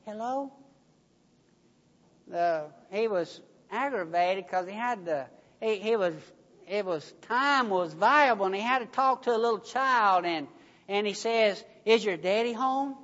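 A preacher delivering a sermon, telling a story slowly with emphatic stresses, in a church hall. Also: mid-range voice, expressive, fairly bright tone. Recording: dull recording, long hall reverb.

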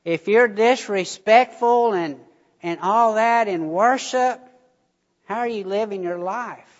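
A pastor with a fairly high voice preaches slowly and unhurriedly, folksy and chatty with his congregation. His voice rings out with a long reverb through the church sanctuary, and the sound is a little dull. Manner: folksy storytelling, addresses congregation. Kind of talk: sermon.

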